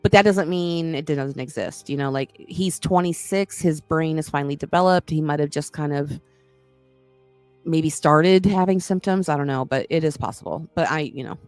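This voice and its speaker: A woman's voice: low voice, moderate pace, darkish tone, dry recording, faint music behind. A woman hosting a casual podcast chat, talking in a frank, rambling way and often breaking off mid-sentence to restart. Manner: rambling, frank, self-interrupting. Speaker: podcast host.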